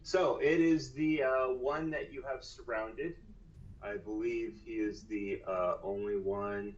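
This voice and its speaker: Male game master, calm and slow-paced, muffled stream audio. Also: mid-range voice, a little hiss or hum. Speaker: dungeon master. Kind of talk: running a tabletop game.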